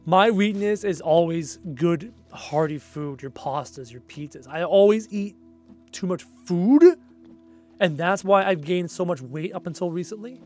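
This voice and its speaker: A man's voice: sits high, unhurried, a little mellow, soft background music. A young Canadian man with a Canadian accent, chatting casually on a gaming livestream, thinking aloud and answering viewer comments. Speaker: livestream gamer.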